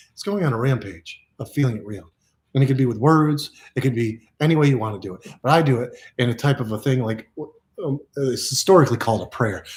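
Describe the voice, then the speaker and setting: A man giving playful, repetitive self-help affirmations to camera, exuberant and goofy, laughing often. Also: medium pitch.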